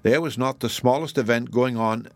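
A man narrating a fairy tale in a steady, measured storybook reading. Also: medium pitch, dry recording.

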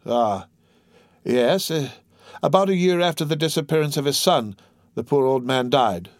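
In an audiobook character reading, a man voices an eager, blunt innkeeper who speaks in an anxious, hurried way. He pitches the expressive, medium-range voice above his own, though it stays close to an everyday voice. The studio sound is clean, with no room sound.

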